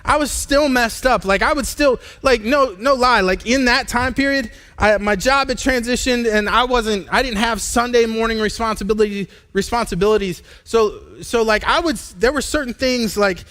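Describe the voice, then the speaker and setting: A man in his thirties, a pastor, preaching a candid personal testimony in a live church sermon, halting and restarting as he talks. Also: very high-pitched, a bit bright. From United States. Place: church sanctuary.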